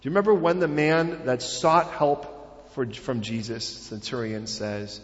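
A man's voice: mid-range voice, a little slow, long reverb tail, muffled recording. A man preaching a sermon in a conversational way, full of rhetorical questions and filler phrases. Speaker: pastor.

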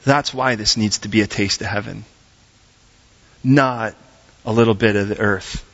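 A man preaching a sermon in a church, animated and asking the congregation direct questions. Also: lowish voice, unhurried. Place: church service. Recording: dull lo-fi recording.

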